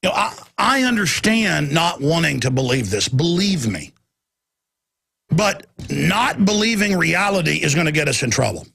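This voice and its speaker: A man's voice: a little high, very animated, normal speed, vocal fry, fairly bright tone, husky. A man hosting a talk radio show, delivering an impassioned monologue with an intense, ranting manner, repeating phrases and stammering into restarts.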